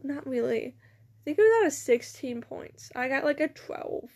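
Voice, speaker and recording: A woman's voice: high voice, expressive, normal speed, darkish tone. A teenage girl chatting casually to camera, rambling and swearing, with giggles and a numb mouth from dental work. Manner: rambling, profane, giggly storytelling. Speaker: vlogger. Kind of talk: casual chat.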